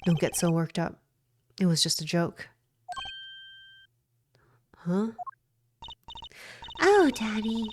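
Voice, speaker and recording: A woman's voice: on the low side, very animated, slow, pauses often, a little hiss or hum. A woman voicing a cheerful, playful teenage girl with a bubbly, sing-song delivery.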